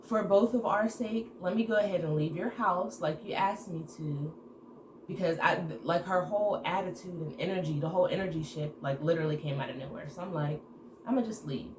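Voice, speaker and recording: A woman telling a casual story to her viewers in an animated way, acting out the dialogue. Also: on the low side, brisk. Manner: animated retelling with acted-out quoted dialogue. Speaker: storytime vlogger. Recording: echoey room with background noise.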